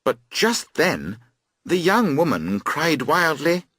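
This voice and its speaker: An audiobook reader narrates a scripted classic storybook for learners, slow and clear, with wide pitch swings that dramatize every turn. His husky voice is recorded dry and close, with no room sound.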